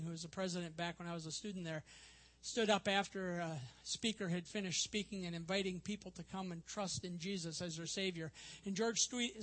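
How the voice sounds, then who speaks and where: An older male preacher with a fairly high voice delivers a sermon. He is earnest and emphatic, and he gives the quoted lines a voice of their own. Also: a bit bright.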